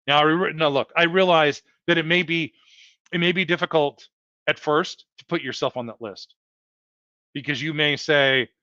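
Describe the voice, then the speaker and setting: An earnest man hosts a heartfelt motivational livestream, circling back over his points and calling the audience folks. His voice sits a touch high. The sound is dull and lo-fi, with a dry, close feel. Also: moderate pace, bright, forceful tone, no echo. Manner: earnest, repetitive, addresses viewers as folks. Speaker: livestream host.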